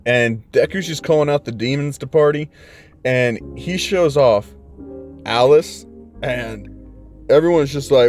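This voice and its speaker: A young man spins a fan story in a loose, slangy way, swearing freely and tossing in quick voiced asides. His voice sits at an ordinary middle pitch. Faint music plays underneath. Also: darkish tone. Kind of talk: casual spoken fan story.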